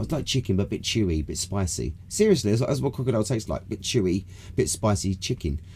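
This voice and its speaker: A man's voice: lowish voice, darkish tone, slight background noise. A British man co-hosting a podcast in casual, rambling chat, laid-back and swearing freely. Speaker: podcast co-host. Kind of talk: casual chat on a live smoke session.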